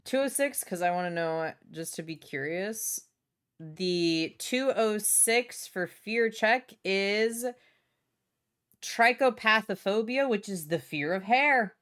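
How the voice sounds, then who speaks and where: A woman's voice: medium pitch, lively intonation, slow pace, a bit bright, clear, resonant tone. A young adult woman streaming casually from home, bubbly, swearing freely and reading chat aloud.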